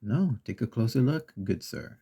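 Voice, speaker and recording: A polite, modest little mouse painter, voiced by a man in a quiet ASMR story. He speaks gently and slowly, in a dark, breathy tone with a gravelly edge. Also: mid-range voice, animated. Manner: gentle, slow and courteous. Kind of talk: soft-spoken ASMR storytelling.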